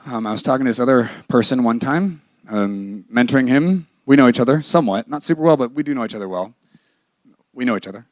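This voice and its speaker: A man's voice: mid-range voice, fast talker, no room sound, clean studio sound. A man teaching a ministry class in a candid, emphatic, conversational sermon style. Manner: emphatic and candid, with bursts of laughter.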